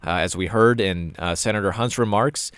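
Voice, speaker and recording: A man's voice: on the low side, normal speed, a bit bright, smooth, dry recording. A man hosting a show, talking casually and stopping often with "uh" and repeated words. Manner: frequent "uh" fillers and repeated words. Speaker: podcast host. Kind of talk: casual commentary.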